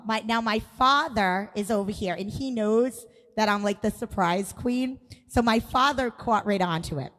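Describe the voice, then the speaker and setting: A woman co-hosting a live music show, telling a family story to viewers in a chatty way, acting out what people said. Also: fairly high pitch. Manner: chatty, lots of 'like', acts out quoted voices. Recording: long reverb with music behind.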